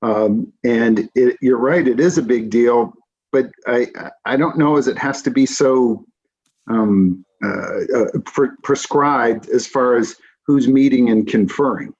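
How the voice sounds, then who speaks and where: A man's voice: mid-range voice, measured pace, a little mellow, breathy edge. A man on a city council speaking in a meeting, frank and dry, stopping and restarting often. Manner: hesitant, many restarts and fillers. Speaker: council member. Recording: slightly dull lo-fi audio.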